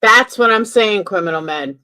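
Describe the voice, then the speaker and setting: A woman's voice: medium pitch, moderate pace, sharp tone. A woman hosting a commentary stream, giving emphatic, opinionated reactions in a casual way. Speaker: commentary channel host.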